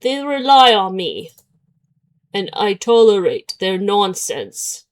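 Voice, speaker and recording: A woman reading as a calm, steady young man. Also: mid-range voice, slow. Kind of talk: reading a visual novel aloud.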